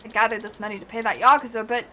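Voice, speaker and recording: A woman's voice: on the high side, steady tone, very fast, bright, forceful tone, slight background noise. A woman doing a panicky naive young man. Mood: sheepish.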